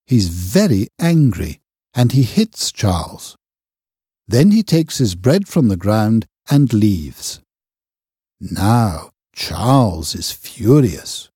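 A man narrating a simple children's reader slowly and carefully. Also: on the low side, sing-song, warm tone, dry recording, studio quality. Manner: slow, clear, careful reading. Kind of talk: graded reader audiobook narration.

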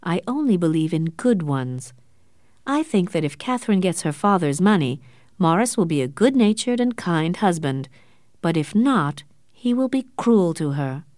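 A woman's voice: on the low side, big pitch swings, normal speed, darkish tone, no room sound, clean studio sound. A woman doing a sensible, matter-of-fact sister. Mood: measured. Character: sensible, level-headed middle-aged sister.

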